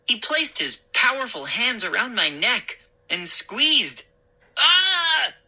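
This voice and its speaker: A woman reads a scary children's story aloud at an unhurried pace. Her voice is bright and crisp-edged, and her pitch moves with lively expression. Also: low-quality recording.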